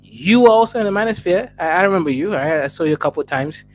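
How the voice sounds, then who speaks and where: A man's voice: high voice, lively intonation, quick pace, a little hiss or hum. A man with an East African accent hosting a livestream, laughing and teasing viewers as he reads their messages. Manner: laughing, teasing, talks straight to chatters. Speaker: livestream host. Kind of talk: casual livestream chat reading viewer messages.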